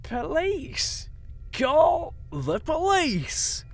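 A man voicing a mocking, high-pitched prankster spirit with a shrill, sing-song, taunting manner. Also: huge pitch swings, extremely slow, faint music behind, exaggerated voice.

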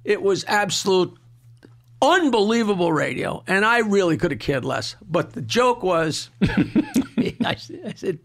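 Older man with a Long Island accent, boisterous storyteller who cracks himself up; high and gravelly. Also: very animated, a little slow, fairly bright tone. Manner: boisterous, laughs through his punchlines. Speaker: comedian guest telling a story. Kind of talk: casual storytelling.

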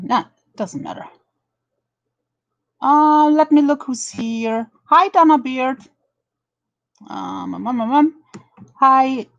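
Slow-talking German-accented woman streamer. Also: high-pitched, gravelly, dry recording, highs cut off. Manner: profane, mocking, greets viewers one by one. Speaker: drama commentary streamer. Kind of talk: live stream chat commentary.

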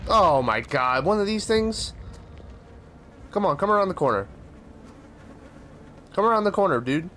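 A man commentating his own gameplay, excitable and profane, trash-talking the game, yelping and shouting at sudden scares, sometimes laughing as he talks. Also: high voice, a little slow, pauses often, slight background noise. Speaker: gaming channel host.

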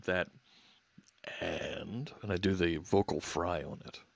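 A man's voice: low-pitched, fairly even intonation, takes it slowly, creaky, dry recording. A man hosting a live coding stream, thinking aloud as he works and chatting with viewers. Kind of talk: casual live coding narration.

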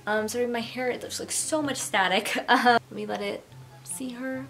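A woman's voice: fairly high pitch, moderate pace, a bit bright. A young woman talking casually to camera in a chatty, giggly, self-mocking way. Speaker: YouTuber. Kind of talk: casual vlog bloopers.

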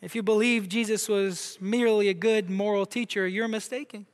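High-voiced preaching man in an echoing hall. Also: fairly even intonation, normal speed, clean tone. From Brazil. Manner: emphatic preaching, asks the crowd questions. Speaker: pastor. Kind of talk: sermon. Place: church sanctuary. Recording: long hall reverb.

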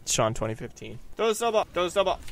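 A young man giving goofy, self-mocking commentary while he plays a video game and answers viewer questions, often breaking into high yelps. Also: big pitch swings, quick pace, vocal fry. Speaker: gaming vlogger. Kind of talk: gameplay commentary with Q&A.

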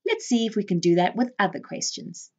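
A woman's voice: mid-range voice, wildly swooping pitch, fairly quick, breathy edge. A woman teaching a beginners' language lesson, patiently repeating each word so learners can say it with her. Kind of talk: slow, clear language lesson. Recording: slightly dull, muffled audio.

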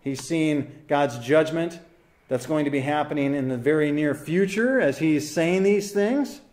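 A man's voice: fairly high pitch, unhurried, a little mellow. A man preaching an expository sermon, earnest and emphatic, repeating phrases for stress and putting questions straight to his listeners. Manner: asks the listeners questions directly. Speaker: pastor.

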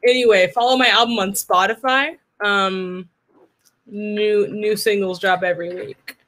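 A woman's voice: mid-range voice, fairly even intonation, a little slow, a bit bright, rough recording. A woman streaming a video game, joking and teasing as she plays, with sudden silly voices. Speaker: streamer playing a goose game. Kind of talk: playful let's-play commentary.

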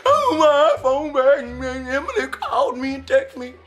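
A man's voice: very high voice, sing-song, normal speed, a bit bright, heavily acted. A man mocking a wailing teen boy. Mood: mock sobbing. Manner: mock crying, wailing. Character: whiny sobbing teen boy mourning his phone.

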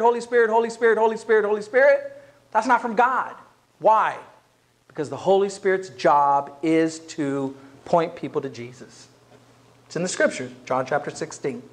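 A man preaching a sermon as a pastor in a church, talking to the congregation in a conversational way. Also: fairly high pitch. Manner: conversational, acts out quoted voices.

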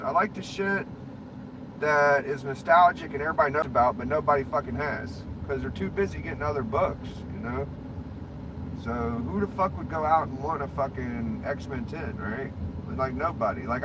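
A man's voice: on the high side, normal speed. A man ranting and chatting casually on a stream, profane, rambling and blunt. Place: inside a car. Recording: clear road and engine noise.

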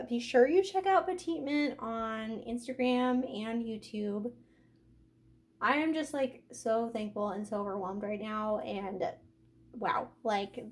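A woman hosting a craft unboxing vlog, gushing and excitable, filling her talk with "like" and getting emotional and out of breath. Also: a little high. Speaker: craft channel host.

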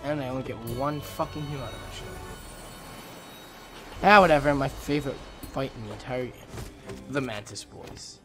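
A young man commentating while playing a video game, excitable and swearing, swinging between low mutters and loud outbursts. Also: moderate pace, long pauses, faint music behind. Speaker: gaming video creator. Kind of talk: let's play commentary.

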